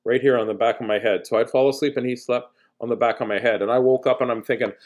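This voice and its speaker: A man's voice: medium pitch, fast, few pauses. A man reading a bedtime picture book aloud, breaking off for playful, jokey asides to his listeners. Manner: jokey, animated, chatting to listeners. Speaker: storyteller reading a bedtime story.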